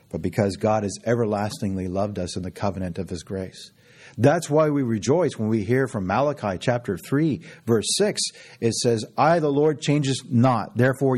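A man preaching with fervour and frequent chuckles, his voice husky and sitting a little low. He is middle-aged and leans on repetition to drive home each point of the sermon. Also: darkish tone. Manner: fervent, with frequent laughs and repetition.

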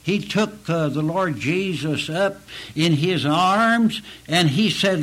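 Male preacher, slightly high husky voice, slow deliberate pleading delivery. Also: expressive, a bit bright, low-quality recording. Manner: slow, earnest pleading preaching with rising emphatic peaks. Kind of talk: sermon.

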